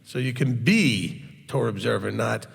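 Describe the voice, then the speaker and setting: A man's voice: medium pitch, moderate pace, gravelly. A man teaching in a Q&A session, talking in a hard, straightforward and blunt way. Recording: long reverb, echoey hall.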